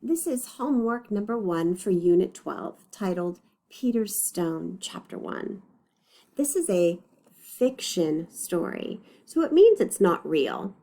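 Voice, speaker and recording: A woman teacher leads young children through a reading lesson at an unhurried pace. Her voice is mellow and soft-edged, and she speaks patiently and encouragingly, sounding out each word carefully. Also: lowish voice, very animated. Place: recorded lesson video.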